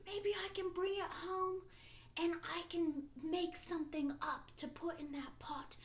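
A thrilled old village woman from a storybook tale squeals her exclamations in a voice pitched far above ordinary speech, as a woman storyteller puts her on. She stays endlessly cheerful and gleeful, and everything comes out loud and bright. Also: unhurried. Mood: delighted. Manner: high, squealing delighted exclamations. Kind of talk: storytelling performance.

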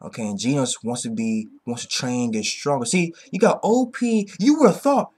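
Man, casual anime reviewer, mid-pitched, excitable and rambling, swears a lot. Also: moderate pace, husky. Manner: excitable, rambling, keeps tagging "okay?"; swears freely.

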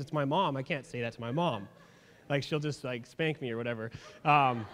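A man's voice: on the high side, lively intonation, fairly quick, slight background noise. A young man preaching a sermon as a pastor, telling stories in a casual, humorous way. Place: church sanctuary. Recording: long hall reverb.

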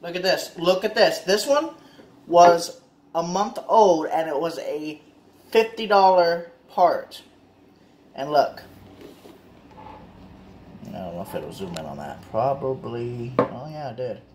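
List: man, higher-pitched voice, frustrated casual rant, swears a lot, echoey recording, faint background noise. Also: sing-song, takes it slowly, pauses often. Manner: frustrated, repetitive, profane. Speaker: car owner vlogger. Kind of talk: casual ranting vlog.

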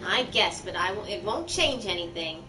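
A woman streams a story game, reading the lines with playful drama. Her voice sits a bit away from the mic. Game music plays clearly behind her. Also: medium pitch, animated, normal speed, far from the mic, poor audio. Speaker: let's play streamer. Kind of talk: game playthrough, reading dialogue aloud.

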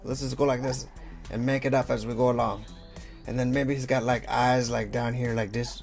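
Playful gravelly man teaching drawing. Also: mid-range voice, level tone, normal speed, soft background music. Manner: playful, rambling, self-mocking, talks while drawing. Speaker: drawing instructor. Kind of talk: casual draw-along lesson.

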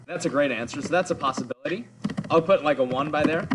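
A man's voice: fairly high pitch, quick pace, heavy background noise. Casual man teaching a class. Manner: casual, explaining, thinking aloud. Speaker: English teacher. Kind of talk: recorded class lesson.

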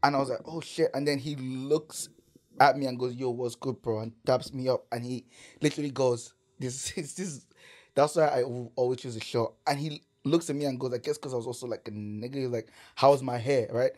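A man's voice: mid-range voice, fairly quick. A man from Canada telling a wild story as a podcast guest, swearing, laughing and filling his talk with "like". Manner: animated, swearing, laughing storyteller with many "like" fillers. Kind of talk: casual storytelling.

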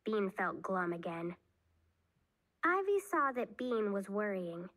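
Slow, expressive woman reading a kids' book. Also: medium pitch. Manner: expressive, unhurried storytelling. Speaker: read-aloud narrator. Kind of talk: reading a children's chapter book aloud.

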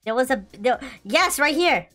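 Brief: high-ish, bright woman narrating gameplay, excitable and loud, faint game music behind. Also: moderate pace. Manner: excitable, laughing, pleading and shouting. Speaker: gaming video creator.

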